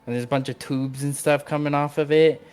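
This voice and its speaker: A man's voice: on the high side, little pitch movement, fairly quick, a little mellow, clean tone, faint music behind. Man describing a scene, lots of fillers. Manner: loose, filler-heavy description. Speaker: game master. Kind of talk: narrating a tabletop game.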